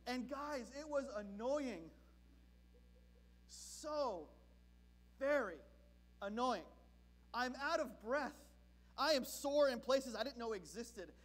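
A man from Southern California preaching a sermon as pastor, telling a story in an animated, comic way. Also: extremely high pitch, slow, pauses often.

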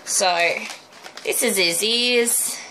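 Slow-talking woman teaching. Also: mid-range voice, sharp tone, slight background noise, low-quality recording. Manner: chatty, friendly step-by-step instructions. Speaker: balloon twisting instructor. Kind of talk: casual demonstration tutorial.

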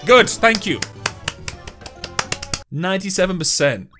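A man's voice: sits high, big pitch swings, slow, music in the background. A young man giving gameplay commentary, ranting, swearing and joking about his losses. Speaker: game commentator.

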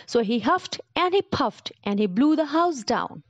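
Woman storyteller for a kids' story, animated and expressive, a bit high voice, dry, dull lo-fi sound. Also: moderate pace, dry recording. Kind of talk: children's story narration. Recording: dull lo-fi recording.

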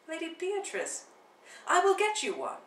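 Ruolo: principe cortese e affabile, combinatore di matrimoni, letto da una donna, tono signorile, stanza con eco. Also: female voice, very high-pitched, huge pitch swings, unhurried, a bit bright, reverberant, recorded from a distance, pitched above the performer's own voice, heavily acted, poor audio. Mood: genial. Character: courtly prince, genial matchmaking nobleman. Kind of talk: dramatic play reading.

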